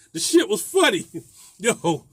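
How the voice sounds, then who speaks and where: High-voiced man telling a storytime vlog. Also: big pitch swings, takes it slowly, husky, dry recording. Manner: laughing often, profane, rambling. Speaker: landlord telling a story about a tenant. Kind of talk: casual storytime monologue.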